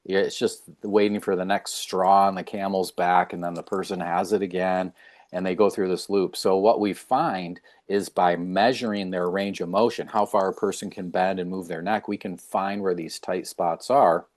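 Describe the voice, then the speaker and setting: A middle-aged man with a very low, deep voice. He speaks casually as a chiropractor guest. He tells stories with animation and puts on the voices of the people he quotes. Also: normal speed. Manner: animated storyteller, acts out quoted dialogue. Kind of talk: casual interview talk.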